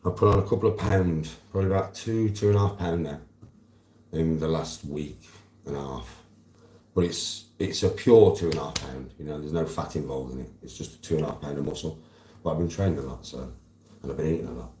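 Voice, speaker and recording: A man's voice: very deep voice, brisk, mellow, reverberant, a little hiss or hum. A young man with a Birmingham accent, casually chatting with his livestream viewers and answering them by name in a laid-back, slangy way. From Birmingham, England. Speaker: livestreamer reading chat.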